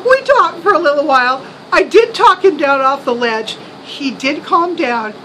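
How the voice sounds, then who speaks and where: A middle-aged woman vlogger telling a story in a casual way, animated and soothing in a motherly manner. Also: high-pitched, moderate pace, hardly any pauses, a little hiss or hum, poor audio. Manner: animated retelling, soothing and motherly with her son.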